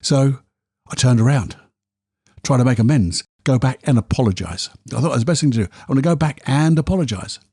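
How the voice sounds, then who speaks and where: A man's voice: medium pitch, lively intonation, fairly quick, darkish tone, slightly rough, no room sound, studio quality. A man hosting a solo podcast, telling candid, self-deprecating stories. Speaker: podcast host.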